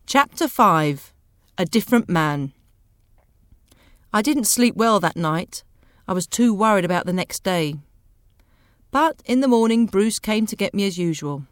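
A woman reading a storybook aloud in a clear, measured, expressive way. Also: medium pitch, no echo, studio quality. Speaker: audiobook reader. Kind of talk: scripted narration of a graded reader.

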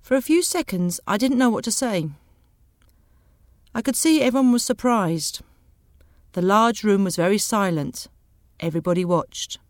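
Woman reading a story, clear and steady, dry close sound. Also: medium pitch, normal speed, pauses often, dry recording. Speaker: audiobook reader. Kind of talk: scripted narration of a graded reader.

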